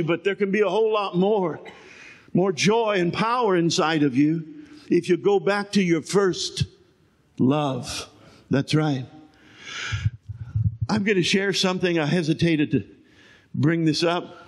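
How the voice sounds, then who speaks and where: An older man preaching a sermon, moving between shouted lines and quiet storytelling. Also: fairly high pitch, breathy edge. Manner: swings from shouting to hushed storytelling. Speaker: pastor.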